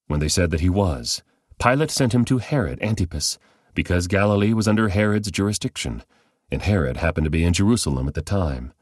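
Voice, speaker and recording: A man reading a Bible passage aloud as measured, scripted narration. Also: low-pitched, expressive, husky, no echo, studio quality. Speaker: Bible reader.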